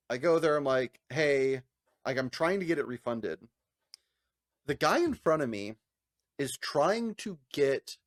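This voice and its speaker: A male podcast co-host tells a long story in casual chat, animated and profane, laughing and mimicking other people in high voices. The recording is clean studio sound with no room sound.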